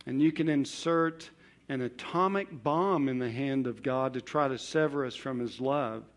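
A man preaching a sermon on scripture, emphatic, rising on key points and falling quiet at their close. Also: moderate pace. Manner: emphatic, building to stressed promises then dropping low.

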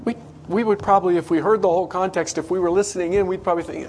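A man preaching a sermon to a congregation in a conversational way, acting out quoted voices with big swings in pitch. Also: steady tone, very fast, few pauses, darkish tone, slight background noise. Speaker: pastor.

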